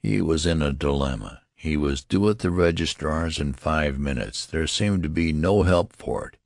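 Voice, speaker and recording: Very deep-voiced, gravelly male narrator. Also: moderate pace, no room sound, clean studio sound. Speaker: audiobook narrator. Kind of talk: scripted narration.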